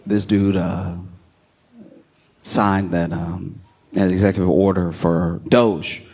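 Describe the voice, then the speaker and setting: A man performing a stand-up comedy set, telling stories animatedly and slipping into quick voices. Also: low-pitched, level tone, vocal fry, a little mellow, husky.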